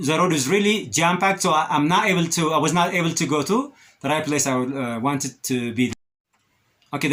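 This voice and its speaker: Animated man teaching vocabulary. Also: a little high. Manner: repeats each word slowly and with emphasis, then explains it quickly. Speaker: English teacher. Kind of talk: vocabulary lesson, switching between English and Amharic.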